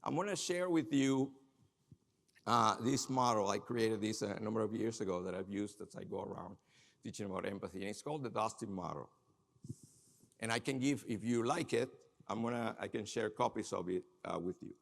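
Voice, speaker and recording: A man's voice: on the low side, normal speed, gravelly. A man giving a conference talk on empathy who keeps asking the audience questions and talking with them directly. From Minnesota. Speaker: conference speaker. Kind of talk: conference presentation. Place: large conference hall. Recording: long hall reverb.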